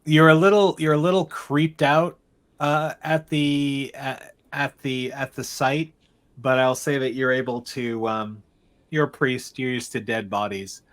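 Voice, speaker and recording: A man running a tabletop game as game master, narrating scenes in a meandering, halting way with frequent restarts. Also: mid-range voice, fairly even intonation.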